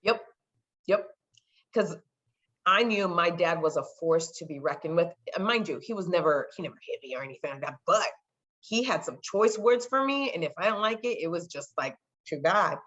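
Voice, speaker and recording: A woman's voice: lowish voice, expressive, moderate pace, a bit bright. A woman in her thirties from California, guest on a podcast, telling stories in a chatty way and acting out other people's voices. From California, United States. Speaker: podcast guest, sports marketer. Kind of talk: casual storytelling interview. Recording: slightly dull lo-fi audio.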